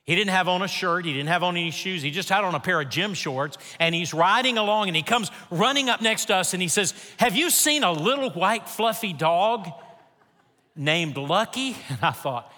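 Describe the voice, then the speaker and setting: An older man preaching a sermon, reading scripture and telling a personal story with earnest, animated delivery. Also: high voice, quick pace, few pauses. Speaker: pastor. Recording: long reverb of a large hall.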